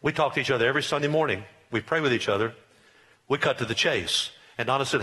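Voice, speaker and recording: Middle-aged male pastor, bright voice, folksy emphatic sermon with crowd calls. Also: medium pitch, fairly quick, long pauses. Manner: folksy, joking, emphatic preaching with audience call-and-response.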